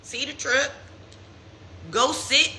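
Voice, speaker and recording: A young woman tells a personal story in casual live-stream talk, acting out quotes in a mocking high voice. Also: fairly even intonation, slow, bright, forceful tone, a little hiss or hum. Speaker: Instagram live host. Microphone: phone.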